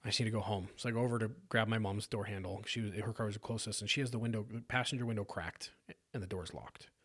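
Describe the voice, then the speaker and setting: A man from South Sacramento, a podcast guest, telling a personal story earnestly with halting restarts. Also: fairly low pitch, fairly bright tone, husky. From South Sacramento, California.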